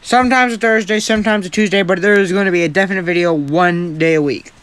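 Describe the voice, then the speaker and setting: A man's voice: high-pitched, quick pace, a bit bright, clear, resonant tone, no echo. Rambling, foul-mouthed young man. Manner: rambling, self-deprecating, heavy swearing. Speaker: fan-story channel host. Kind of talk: casual improvised storytelling.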